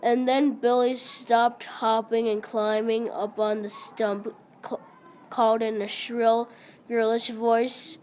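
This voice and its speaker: A woman reads a children's story aloud, slow and measured. Her voice sits fairly high. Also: level tone, darkish tone, low-quality recording. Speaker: reader.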